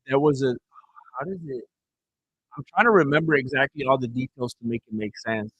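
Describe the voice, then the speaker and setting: Husky man rambling through live commentary. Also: medium pitch, expressive, fairly quick, fairly bright tone, no echo, highs cut off. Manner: rambling, reactive storytelling. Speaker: fight watch-along streamer.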